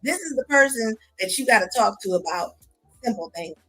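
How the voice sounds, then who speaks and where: A woman's voice: fairly high pitch, expressive, brisk, a bit bright, slightly rough, faint music behind. Blunt, mocking woman streamer. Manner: blunt, mocking, laughs often. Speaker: commentary streamer. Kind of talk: casual reaction commentary.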